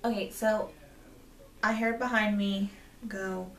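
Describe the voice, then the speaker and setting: A woman's voice: mid-range voice, measured pace, echoey room, far from the mic, a little hiss or hum. Indignant young woman telling a story. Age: 20s. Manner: indignant, rambling with fillers. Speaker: vlogger. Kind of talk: storytime vlog.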